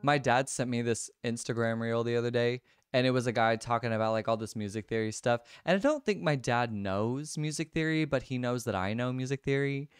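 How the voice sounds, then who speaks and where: A man's voice: medium pitch, a little fast, few pauses, clean tone, no echo, studio quality. A young man livestreaming a music quiz, chatting casually, laughing often and answering viewers by name. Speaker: livestreamer and singer.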